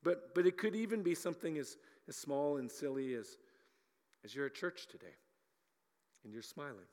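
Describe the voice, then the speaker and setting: A man's voice: a little high, normal speed. Male pastor preaching in an echoing hall. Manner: animated, repeats words often, acts out voices. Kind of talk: sermon.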